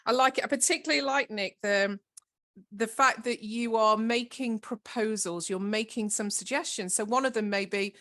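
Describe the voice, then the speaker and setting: A woman leading an online training workshop, giving clear and encouraging instructions. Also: fairly high pitch, moderate pace, fairly bright tone. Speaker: workshop facilitator.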